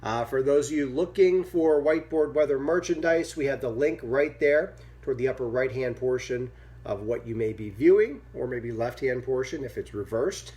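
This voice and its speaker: Chatty male weather show host. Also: mid-range voice. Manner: chatty and informal, with frequent fillers and asides. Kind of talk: casual daily online weather show.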